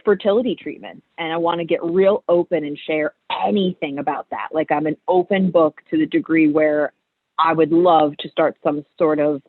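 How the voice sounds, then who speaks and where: Woman in her 30s, open and animated guest, heard over a thin phone-like call line with no room sound. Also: low voice, normal speed, no room sound. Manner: candid, animated storytelling. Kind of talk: casual interview chat. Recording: tinny phone-like line, dry.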